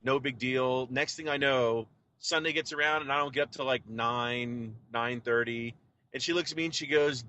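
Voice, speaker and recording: A man co-hosting a podcast from home, telling animated stories in casual chat with small stumbles. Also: mid-range voice, normal speed, highs cut off, slight background noise. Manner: animated, repetitive storyteller. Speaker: podcast co-host. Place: home office.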